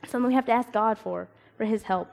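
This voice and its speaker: A young woman gives a casual devotional talk. She speaks in a lively, animated way and puts on voices for the people in her stories. Her tone is relaxed and storytelling. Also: fairly high pitch, fast talker, vocal fry. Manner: animated, acts out quoted voices, laughs at herself.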